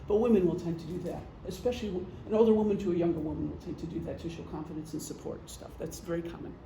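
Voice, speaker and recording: A woman's voice: lowish voice, vocal fry, dark tone, slight background noise. A middle-aged woman, a retired police officer, giving a casual, joking talk to a meeting and acting out gestures as she goes. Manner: chatty, joking, acts out gestures. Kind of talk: casual lecture. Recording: echoey meeting room.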